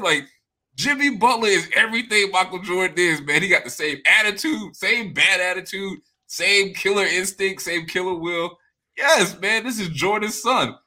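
A man's voice: high-pitched, bright, forceful tone. A man co-hosting a sports podcast in casual chat, playfully arguing far-fetched takes with mock conviction. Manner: playful, argues conspiracy theories with mock conviction. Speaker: podcast co-host.

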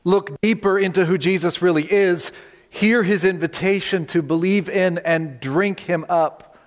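A man's voice: high voice, unhurried, in a large hall. A man preaching a sermon as pastor, speaking directly to his listeners and repeating key points with emphasis. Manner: earnest, direct appeals to listeners with emphatic repetition.

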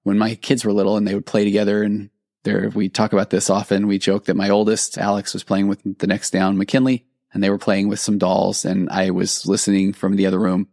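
Middle-aged male therapist-host, gravelly low voice, earnest talk with restarts, dry close sound. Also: monotone, brisk, darkish tone, no echo. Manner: earnest, conversational, with frequent restarts. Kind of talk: reflective podcast monologue reading listener stories.

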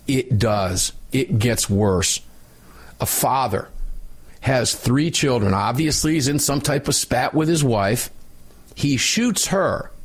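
Husky, indignant male radio host. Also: mid-range voice. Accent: American. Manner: emphatic, indignant storytelling. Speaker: radio talk show host. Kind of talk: impassioned radio commentary.

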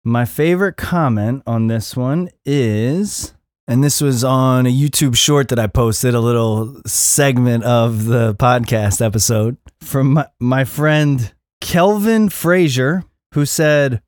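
A man's voice: mid-range voice, slow, darkish tone, no echo, clean studio sound. A middle-aged man hosting his own podcast in a casual, profane, self-mocking rant. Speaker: podcast host. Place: Los Angeles area.

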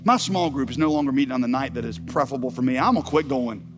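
A man voicing a petty, indignant churchgoer in a shrill, exasperated mocking tone. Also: fast talker, music in the background, natural voice.

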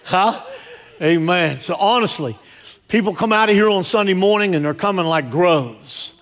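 A fairly high-voiced male pastor preaching at a church service. He is jokey and direct and keeps firing questions at his congregation. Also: normal speed, a bit bright. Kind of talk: sermon.

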